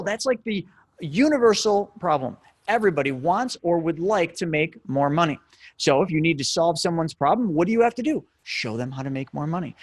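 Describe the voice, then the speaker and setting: A man's voice: a little high, dry recording. A man hosting a podcast, giving a casual, emphatic motivational lesson with lots of energy. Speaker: podcast host and real estate coach. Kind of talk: motivational teaching monologue.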